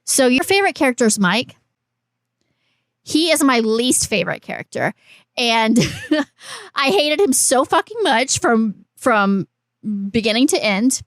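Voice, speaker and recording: A woman's voice: fairly high pitch, very animated, a little slow, no echo, clean studio sound. A woman co-hosting a horror podcast, talking in a teasing, argumentative and profane way. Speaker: podcast co-host. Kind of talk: casual chat.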